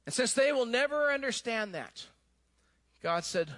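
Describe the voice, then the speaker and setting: A man preaching a sermon, telling a story with animated emphasis that drops to hushed, low tones. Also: measured pace. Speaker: pastor.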